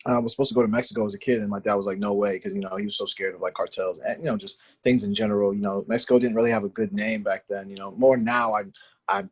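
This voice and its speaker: A man talks quickly and a little low, his husky voice tumbling through a story from his playing days. He rambles, stacking "like" and "you know" as he goes, in a relaxed interview. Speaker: podcast guest, former pro soccer player.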